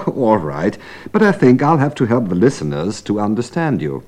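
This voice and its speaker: A man's voice: fairly low pitch, big pitch swings, normal speed, a little mellow. A man co-presenting a scripted radio English lesson in a teasing, teacherly way.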